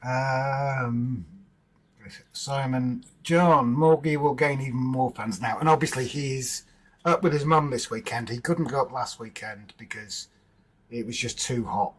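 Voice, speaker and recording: A man's voice: medium pitch, moderate pace, breathy edge, low-quality recording. A man hosting a casual livestream from home, chatting informally with viewers in the chat and bantering with his partner. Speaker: livestream host.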